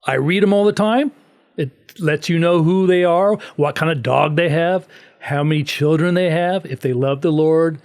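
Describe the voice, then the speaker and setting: A man's voice: on the high side, moderate pace. A middle-aged man, a podcast guest, telling a story in casual chat and acting out the quotes. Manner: animated storyteller, acts out quotes.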